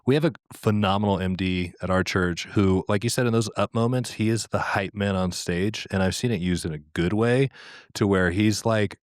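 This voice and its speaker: Deep-voiced male podcast host. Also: moderate pace, dry recording, studio quality. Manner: affirming, asks structured questions. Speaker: podcast host and worship leader. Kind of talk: casual podcast conversation.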